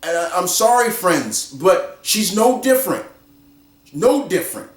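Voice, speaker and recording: A man giving a casual spoken film review, excitable and repetitive, acting out his own reactions. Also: sits high, unhurried, roomy sound, recorded from a distance. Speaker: movie reviewer.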